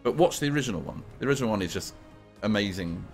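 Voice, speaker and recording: A British man in a relaxed studio chat, speaking in a lowish voice. He talks in loose, rambling stretches and laughs easily. Music plays behind him. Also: very fast. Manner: chatty, laughs often, trails off with fillers. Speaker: host. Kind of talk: casual chat. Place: office studio.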